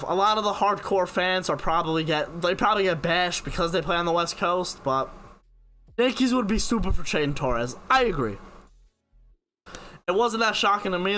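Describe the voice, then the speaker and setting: A man's voice: on the high side, pushed and bright. A young man, hosting a live stream and casually answering viewers' sports questions by name. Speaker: live stream host reading chat questions.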